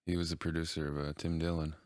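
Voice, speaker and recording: A man's voice: extremely low pitch, level tone, fast talker, darkish tone. A man with a Philadelphia-area accent, chatting casually on a podcast and joking and laughing often. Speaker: podcast co-host. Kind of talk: casual chat.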